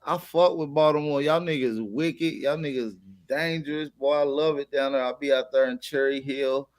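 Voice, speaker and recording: A man with a fairly high voice hosts a casual livestream at a moderate pace and a steady tone. Using slang, he greets viewers in chat and keeps pushing his merch with repeated calls to shop.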